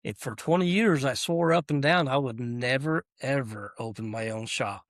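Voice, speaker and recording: Animated man telling his story. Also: mid-range voice, normal speed, dry recording, studio quality. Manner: animated, acts out dialogue, chuckles often. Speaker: small business owner, podcast guest. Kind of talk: casual interview storytelling.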